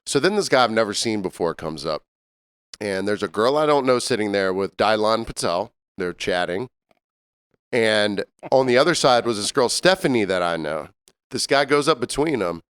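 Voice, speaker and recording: A man, co-hosting a podcast and telling an animated, laughing story from his bartending job. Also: fairly low pitch, moderate pace, smooth, no echo. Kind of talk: casual storytelling chat.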